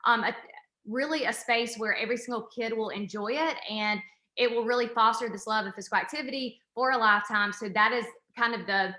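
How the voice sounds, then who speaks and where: A woman, an assistant professor presenting a program in a fast, excited, chatty way. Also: fairly high pitch, reverberant.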